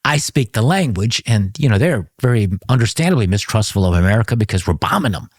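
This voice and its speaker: Former congressman guy telling a story in an interview, husky voice, dry close sound, keeps restarting and laughing. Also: lowish voice, fast talker, no room sound. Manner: animated anecdote-telling with frequent restarts and laughter; speaks the language of his father's homeland.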